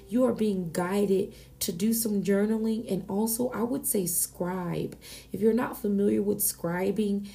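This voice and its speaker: A woman's voice: medium pitch, vocal fry, warm tone. A woman hosting a podcast, giving a channeled oracle card reading in a casual, earnest, exclamatory way with frequent restarts.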